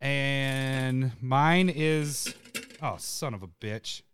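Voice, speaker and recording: A man's voice: mid-range voice, extremely slow, a bit bright, slight background noise. A man co-hosting a casual podcast, laughing, swearing and rambling loosely. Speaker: podcast co-host.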